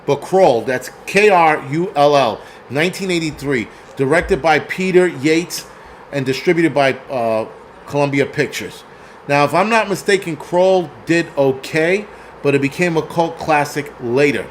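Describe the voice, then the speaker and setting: A man in his forties chats loosely on a livestream, swearing freely and jumping between thoughts. His voice sits a little high for a man. A faint hum of room ambience runs underneath. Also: unhurried. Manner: profane, rambling, reads chat aloud. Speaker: film review livestream host. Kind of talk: casual livestream chat.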